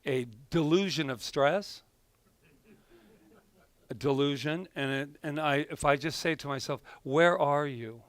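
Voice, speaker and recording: Conversational male minister, higher voice. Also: a little slow, pauses often, fairly bright tone, dry recording. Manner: conversational storytelling, self-correcting. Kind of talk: sermon. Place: church sanctuary.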